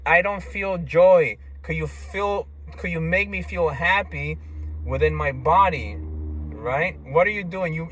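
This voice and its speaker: A man's voice: a little high, a bit bright. A man talking in a casual, rambling monologue, stammering through restarts and tagging lines with "right?" and "you see?".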